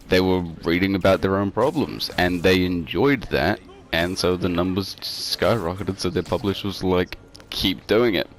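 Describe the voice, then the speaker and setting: Very deep-voiced man, rambling. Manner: rambling, filler-heavy storytelling. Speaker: co-host. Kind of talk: casual podcast chat over a game stream. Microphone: home mic over an online call.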